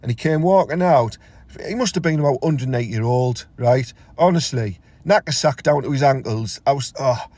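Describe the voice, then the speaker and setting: Teesside lad, comic rant, crude and sweary, mid pitch, dry close sound, voice leaps up when outraged. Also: male voice, a little fast, a little mellow, no echo. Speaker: comedian. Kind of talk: comic character rant to camera.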